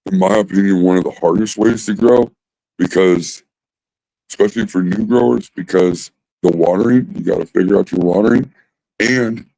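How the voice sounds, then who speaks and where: Male host, deep dark rasp, laid-back rambling delivery. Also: no room sound, poor audio. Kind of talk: casual livestream chat.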